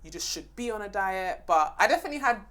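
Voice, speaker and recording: Lively woman co-host. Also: mid-range voice, fast. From Jamaican household in the UK. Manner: lively, laughs often. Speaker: podcast co-host. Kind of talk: casual chat.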